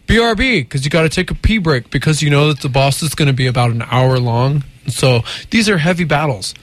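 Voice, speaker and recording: A man's voice: fairly high pitch, animated, a little fast. A man co-hosting a casual talk show, telling facts in a playful, teasing way. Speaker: co-host. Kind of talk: casual chat.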